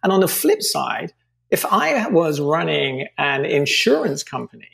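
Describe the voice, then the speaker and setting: A man with a fairly high, gravelly voice makes his point with earnest conviction. He lays out figures one after another as a guest in a conversational podcast interview. His tone stays persuasive and focused throughout. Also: very animated, measured pace, fairly bright tone. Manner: earnest, pitching with figures and examples. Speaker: podcast guest, company founder.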